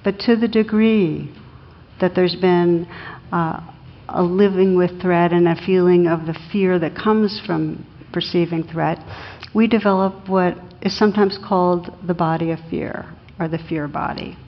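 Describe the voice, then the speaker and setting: Low-voiced woman teaching meditation in a hall. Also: steady tone, unhurried. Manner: reflective, with light humor and small hesitations. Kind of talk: meditation class talk. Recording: lo-fi recording in a reverberant hall.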